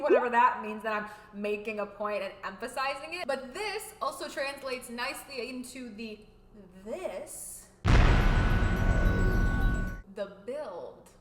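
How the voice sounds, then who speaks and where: Animated young woman vlogger, echoey room. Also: on the high side. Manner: animated and expressive, shifting between loud and quiet. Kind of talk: casual talking-head vlog.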